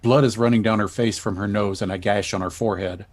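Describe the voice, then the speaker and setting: A man's voice: on the low side, fairly even intonation, quick pace, a little hiss or hum. Man reading stage directions.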